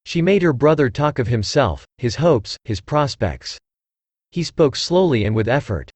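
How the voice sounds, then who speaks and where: A synthesized male voice narrating an audiobook in a measured reading style. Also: medium pitch, very animated, darkish tone, no echo.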